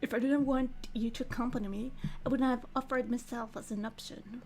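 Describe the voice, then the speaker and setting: Woman reading aloof young prince, clipped and cool, slightly high. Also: fairly even intonation, brisk, a little mellow, soft background music, natural voice. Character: aloof young male crown prince, curt and guarded. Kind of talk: reading game dialogue aloud.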